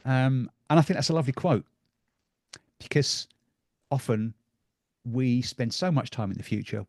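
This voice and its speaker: A man's voice: medium pitch, a little mellow, no room sound, studio quality. A middle-aged man giving a live talk to an audience, conversational and full of ums and repeated words.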